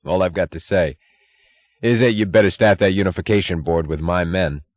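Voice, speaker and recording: A man's voice: sits low, normal speed, no room sound, highs cut off, close to an everyday voice. A man reading an audiobook, voicing a tough, muscular union boss who talks evenly, bluntly and sardonically. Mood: sardonic.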